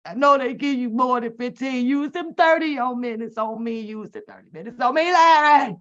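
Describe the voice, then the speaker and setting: A woman with a somewhat high voice tells comedic stories and rants in a loud, profane, animated way. She jokes her way through the commentary. The recording sounds dull and lo-fi. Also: moderate pace. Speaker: reaction channel host.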